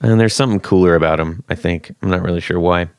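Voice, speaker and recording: A man's voice: deep voice, quick pace, clear, resonant tone, dry recording, studio quality. A man hosting a casual podcast chat, laid-back and rambling with frequent restarts. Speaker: podcast host.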